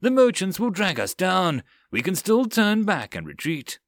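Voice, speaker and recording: A man's voice: high voice, huge pitch swings, moderate pace, no room sound, pitched above the performer's own voice, heavily acted. An anxious first mate, voiced by a male narrator, pleading with his captain in a raised, urgent voice. He sounds cautious and pressing in this dry, close storybook reading.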